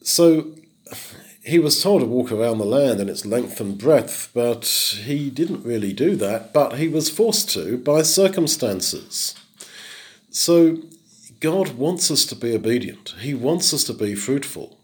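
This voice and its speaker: A man's voice: medium pitch, animated, measured pace, a little mellow. A middle-aged man teaching through a Bible passage in a conversational way, rising sharply on the words he stresses. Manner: conversational, with emphatic rises on key words. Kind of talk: expository Bible talk.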